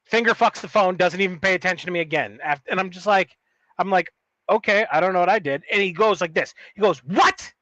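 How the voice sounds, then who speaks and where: Profane, rambling storyteller man, somewhat high. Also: quick pace, a bit bright, no room sound, muffled recording. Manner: rambling, profane anecdote-telling with frequent restarts. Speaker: podcast co-host. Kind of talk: casual storytelling chat.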